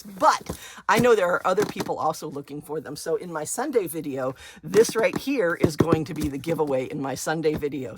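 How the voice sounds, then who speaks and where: A woman hosting a craft channel, chatting excitedly as she unboxes supplies and gushes over each item. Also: low voice, noisy background. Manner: gushing, excited, squeals with delight over items.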